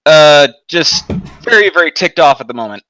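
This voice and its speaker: Bright, dry-sounding male player. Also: on the high side, very animated, no room sound, rough recording. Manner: quick, chatty, self-correcting. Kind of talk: describing his character in a tabletop game. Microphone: computer mic on a voice call.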